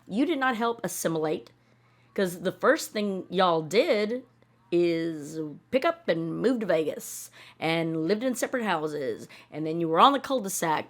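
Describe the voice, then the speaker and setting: A woman commenting on a reality show in a blunt, sarcastic, swearing rant. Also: medium pitch. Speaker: reaction video host.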